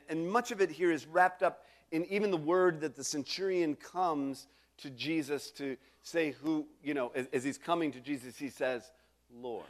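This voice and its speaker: A middle-aged male pastor preaching a sermon in a conversational way, full of restarts and asides to the congregation. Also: fairly high pitch.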